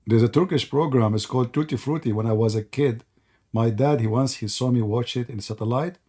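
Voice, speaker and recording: A man hosting a live debate call, mocking and sarcastic, laughing often and hoarse from talking for hours. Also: medium pitch, brisk, warm tone. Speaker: debate stream host.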